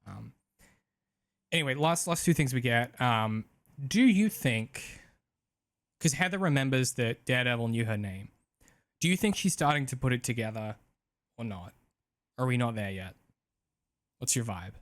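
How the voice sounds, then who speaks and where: Man, podcast co-host, casual chat, lots of ums, drifts quieter at line ends. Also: medium pitch, lively intonation, moderate pace, pauses often. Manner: chatty, many ums, trails off softly.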